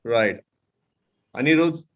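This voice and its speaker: In a muffled recording, a man speaks slowly in a mid-range, expressive voice with an Indian English accent. As a speech mentor, he patiently models tones for a speaking class during an online mentoring session on a video call.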